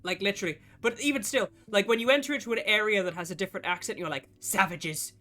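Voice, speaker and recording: A man's voice: high voice, rapid-fire, pushed and bright. A man, chatting casually and profanely with his stream chat while getting over a cough. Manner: rambling, profane and jokey, answers chat. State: lingering cough. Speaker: game streamer. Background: guitar music playing.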